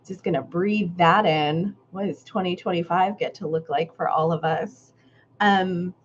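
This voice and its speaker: A woman's voice: mid-range voice, muffled recording, slight background noise. A woman hosting a live creative workshop stream, greeting viewers by name and musing reflectively on their comments.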